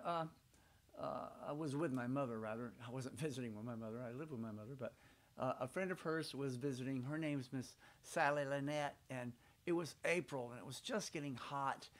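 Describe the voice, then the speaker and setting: An older man from Georgia with a Southern accent, telling playful stories to children by his fireplace at home. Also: medium pitch. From Georgia, USA. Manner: chatty, playful, rambling. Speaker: storyteller. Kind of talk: folksy storytelling for children.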